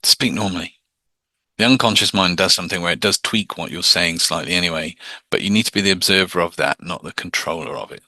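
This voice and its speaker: Man, hypnosis teacher, casual lecture, conversational, deep voice, dry close sound. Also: fast, bright, forceful tone, no echo. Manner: conversational, plain-spoken, slips into mock voices to demonstrate.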